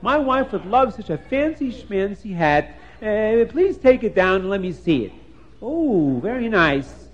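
A rambling, excitable poet who chatters on eagerly, as a man puts him on. His voice sits high for a man. It comes through a dull, lo-fi recording. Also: a little slow. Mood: excited. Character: cheerful talkative poet man, husband.

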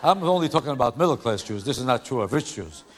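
A male stand-up comedian doing a routine with punchy, animated joke delivery. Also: mid-range voice, quick pace. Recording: noisy live recording.

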